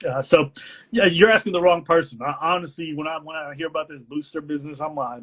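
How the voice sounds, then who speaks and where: A man's voice: fairly high pitch, animated, quick pace, a bit bright, husky. A man hosting a live stream, talking in a candid, rambling, joking way. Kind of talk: casual live-stream chat.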